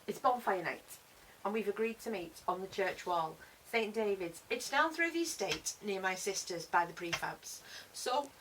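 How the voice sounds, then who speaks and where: A woman performing a spoken word story, expressive, moving between hushed and loud passages. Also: medium pitch. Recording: distant mic with faint hiss.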